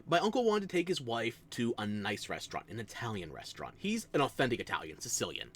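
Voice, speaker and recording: Man, New Jersey accent, streamer chatting with viewers, lively swinging pitch, rambling self-mocking stories, desk mic. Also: fast, slight background noise. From United States. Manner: rambling, self-mocking storytelling with frequent laughs. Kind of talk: casual stream chat.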